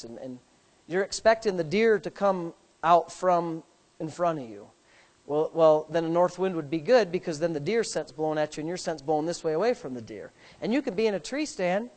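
A man preaching a sermon, swinging between loud, rising exhortation and low, rambling storytelling with folksy restarts. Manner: folksy, repeats himself, many restarts. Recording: long reverb of a large hall.

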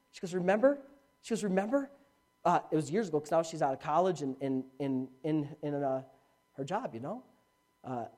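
A middle-aged man preaching a sermon as a pastor, telling a story with animated swings from hushed speech to shouting. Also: on the high side.

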